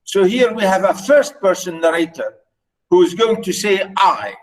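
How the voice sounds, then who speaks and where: A man whose first language is Arabic lecturing on literature, explaining slowly with repeated words and many fillers. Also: high voice, expressive, far from the mic, poor audio. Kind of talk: recorded lecture.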